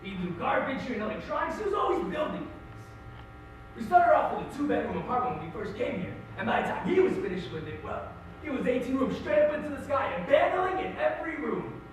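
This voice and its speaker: A teenage boy performing a monologue as a middle-aged Irish-American man, telling his story in an animated, wry and emotional way. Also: very high-pitched, fast, slight background noise. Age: teens. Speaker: high school forensics performer. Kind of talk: competitive dramatic monologue. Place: school auditorium stage. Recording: echoey hall, distant mic.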